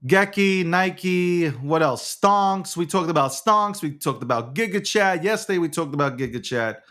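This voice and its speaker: A man's voice: a little high, expressive, a little slow, few pauses, a bit bright. A man hosting a casual crypto livestream, talking in a hyped, showy, repetitive patter. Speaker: livestream host.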